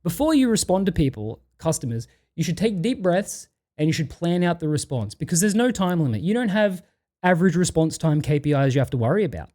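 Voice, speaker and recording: A man's voice: a little high, sing-song, brisk, warm tone. A man streaming, ranting and reading chat messages aloud in a profane, exasperated way.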